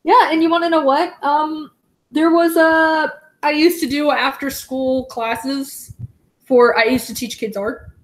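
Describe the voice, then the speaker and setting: A young adult woman, a guest on a casual podcast chat, telling stories excitedly and laughing often. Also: high voice, measured pace.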